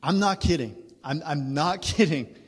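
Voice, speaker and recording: Male guest preacher, thirties, chatty confessional sermon, slightly higher voice, long hall reverb. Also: expressive, moderate pace, breathy edge. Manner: candid, self-deprecating, laughs through the story. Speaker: guest speaker. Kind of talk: storytelling sermon.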